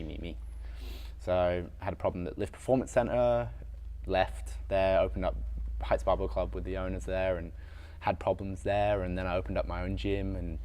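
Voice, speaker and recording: Very deep-voiced man, candid. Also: darkish tone. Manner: frank and reflective, casual with frequent fillers and swearing. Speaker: podcast guest, weightlifter and strength coach. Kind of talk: candid conversational storytelling.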